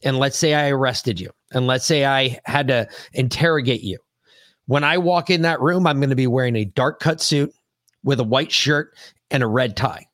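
A man's voice: mid-range voice, moderate pace, no echo, clean studio sound. A man co-hosting a podcast, telling stories in a casual, profane way and cutting in to correct his co-host. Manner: animated, profane storyteller who cuts in to correct. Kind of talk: casual storytelling chat.

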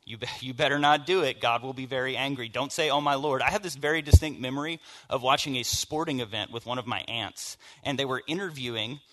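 Bright-voiced man preaching a sermon. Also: mid-range voice, quick pace, few pauses. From American South. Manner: storytelling, conversational, shifts from hushed to emphatic. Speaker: pastor.

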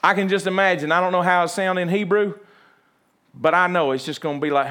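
A male preacher with a fairly high voice, delivering a sermon. He tells stories in a folksy, animated way. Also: brisk, clear, resonant tone. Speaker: pastor.

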